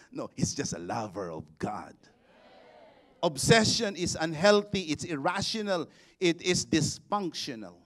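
Slow, emphatic preacher, man. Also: medium pitch, big pitch swings. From Philippines. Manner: preaching with rising shouted exhortations and call-and-response. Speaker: bishop. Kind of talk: sermon.

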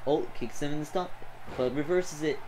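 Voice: mid-range voice, brisk, background noise. A gamer calling a wrestling video game match play by play, exclaiming often and talking to the wrestlers on screen. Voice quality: excitable, full of gasps and "oh"s.

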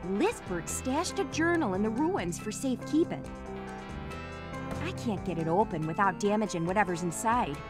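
A woman's voice: medium pitch, animated, normal speed, natural voice. A woman voicing a cheerful female creature archaeologist in a video game, with a Minnesotan accent and folksy manner. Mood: cheery. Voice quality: folksy, upbeat. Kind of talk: video game character dialogue. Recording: game audio with music behind.

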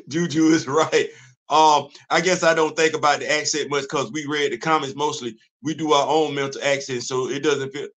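A man's voice: fairly high pitch, fairly even intonation, moderate pace, fairly bright tone. A man, hosting a casual livestream and talking in an emphatic, repetitive way, often laughing. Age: 50s. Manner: emphatic, preachy, repeats phrases, laughs often. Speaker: livestream host. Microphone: computer mic on a streaming setup.

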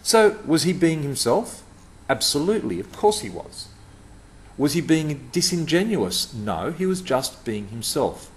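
A man's voice: on the high side, big pitch swings, measured pace. Emphatic man talking to camera. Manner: emphatic, punchy phrasing with repeated words. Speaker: customer service speaker. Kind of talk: direct-to-camera talk.

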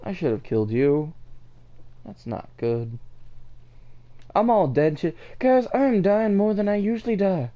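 A tired man giving profane, excitable gameplay commentary on his own desk mic, trash-talking as he plays, his voice cracking when he gets worked up. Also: fairly high pitch, measured pace. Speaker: gaming channel host.

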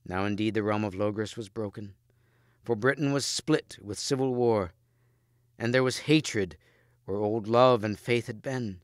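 Steady man reading a storybook. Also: fairly low pitch, unhurried, no room sound, studio quality. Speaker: audiobook reader. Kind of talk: scripted narration.

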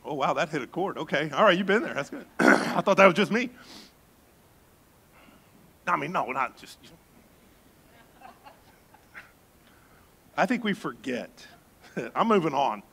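A male pastor preaching a sermon in an animated way, with joking asides and bursts of emphasis. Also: on the high side, slow, creaky, pauses often, breathy edge.

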